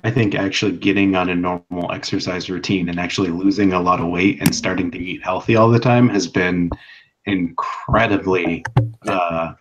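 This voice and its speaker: A deep-voiced man speaks earnestly in a casual group call, pausing with uhs and likes. His audio comes through dull and lo-fi. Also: fairly even intonation, a bit bright. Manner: earnest, hesitant with uh and like. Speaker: participant. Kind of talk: casual chat. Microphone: video call.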